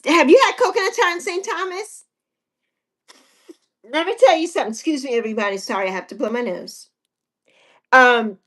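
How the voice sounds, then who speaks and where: Lady in her 60s chatting on a livestream, teasing and animated, kinda high voice. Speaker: livestream host. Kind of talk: casual chat with viewers.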